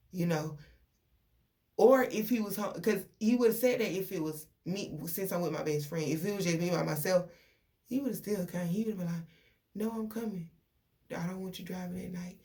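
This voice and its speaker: Gravelly young woman venting. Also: fairly low pitch. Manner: animated, venting, quotes people in dialogue. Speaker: vlogger. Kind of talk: casual storytelling to viewers.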